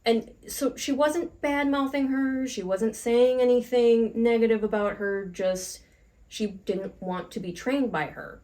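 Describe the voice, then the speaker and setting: Woman podcast co-host, slightly high voice, animated storyteller, casual swearing. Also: measured pace.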